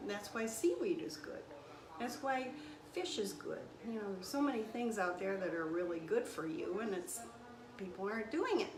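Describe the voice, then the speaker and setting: A woman in her sixties, a registered nurse, speaking earnestly and emotionally to camera, rising into indignant outbursts. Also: mid-range voice. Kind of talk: impassioned monologue to camera. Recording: echoey room with faint background hum.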